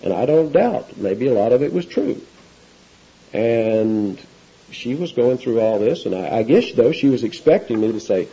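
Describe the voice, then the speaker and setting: A man's voice: lowish voice, moderate pace, creaky, mellow, husky, highs cut off. A male pastor preaching an expository sermon in a conversational way, often putting questions to his listeners. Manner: conversational, asks the audience questions.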